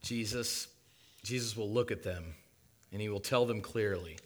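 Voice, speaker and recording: A man preaching a sermon as a dramatic monologue, impassioned and swinging from loud to hushed. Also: on the low side, normal speed.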